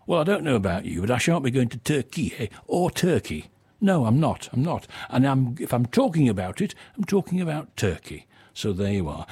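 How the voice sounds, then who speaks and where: A man's voice: on the high side, darkish tone, husky, dry recording. An English man presenting on the radio, grumbling in a chatty, mock-indignant monologue. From England.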